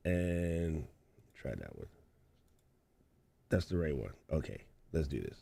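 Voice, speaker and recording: A man's voice: sits low, expressive, a little slow, vocal fry, long pauses, dark tone, dry recording. A man hosting a casual livestream show, playful and slangy, laughing often as he chats. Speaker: show host.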